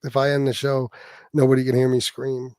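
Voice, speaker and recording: Completely flat in delivery, this man in his forties hosts a casual livestream at a fairly quick pace, his mid-range voice a little mellow. He rambles and jokes with lots of profanity and stammers when flustered; the sound is clean studio audio with no echo.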